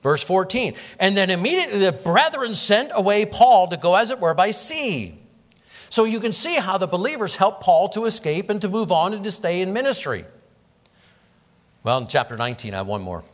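A man's voice: high voice, big pitch swings, moderate pace. Guy preaching a sermon, earnest, lots of questions to the crowd, swoops up and down a lot, echoey church. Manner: earnest, explanatory, rhetorical questions. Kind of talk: expository sermon. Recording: long reverb of a hall.

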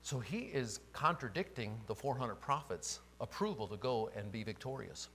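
A man's voice: medium pitch, animated, moderate pace, fairly bright tone, a little hiss or hum. Guy preaching a bible sermon, voice swings up and down a lot, keeps asking the room questions. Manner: emphatic, rhetorical questions. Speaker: pastor.

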